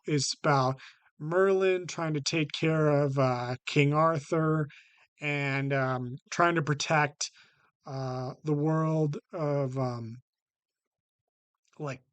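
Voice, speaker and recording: Guy doing a slow rambly show-ranking vlog, lots of ums and restarts, dry sound. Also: a little high, no echo. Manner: halting, many fillers and restarts, repeats "basically". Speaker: vlog host ranking TV shows. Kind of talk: casual unscripted talk to camera.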